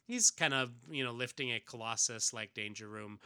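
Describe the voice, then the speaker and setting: Casual podcast host narrating a comic, bright and dry, loose with fillers. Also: male voice, mid-range voice, moderate pace, few pauses, smooth, dry recording. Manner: narrates with frequent fillers and laughs. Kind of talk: casual chat and read-aloud.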